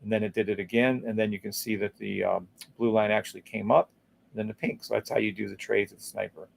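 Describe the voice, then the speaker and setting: A man's voice: on the low side, level tone, fast, gravelly, a little hiss or hum. A man hosting a live trading stream, walking viewers through charts in a casual, upbeat and salesy way, humming little tunes as he scrolls and reading out viewer comments. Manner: hums and scats while scrolling charts.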